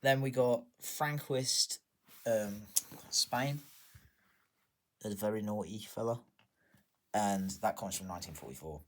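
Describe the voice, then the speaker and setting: A man casually showing his coin collection, chatty and self-deprecating, pausing to check dates. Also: fairly low pitch. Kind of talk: casual show-and-tell narration.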